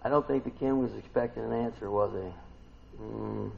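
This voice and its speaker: A man preaching a casual sermon, retelling a scripture story and asking the listeners questions, swinging between loud and soft. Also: lowish voice, steady tone, moderate pace, vocal fry, muffled recording.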